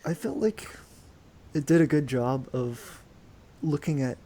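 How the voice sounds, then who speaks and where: A man's voice: medium pitch, a little slow, mellow. A young man co-hosting a casual podcast chat, laid-back and agreeable. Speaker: podcast co-host.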